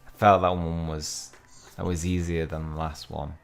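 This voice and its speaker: A man's voice: rumbling low, level tone, normal speed, vocal fry, faint music behind. A young man casually commentating a mobile game he plays, chatting loosely and reading the in-game text aloud as he goes. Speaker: mobile game let's-play host.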